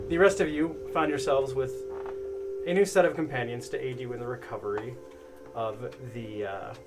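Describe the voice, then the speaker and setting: A man's voice: mid-range voice, steady tone, moderate pace, pauses often. Man narrating a game recap over music. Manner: rambling, self-correcting narration. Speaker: game master.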